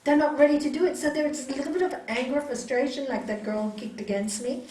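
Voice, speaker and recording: Animated high-voiced woman teaching in echoey hall. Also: a little fast. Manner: animated, acting out what others say in stories. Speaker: raja yoga teacher. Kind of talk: teaching a spiritual course to a small group. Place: yoga hall, indoors. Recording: echoey hall, mic far off, faint hiss.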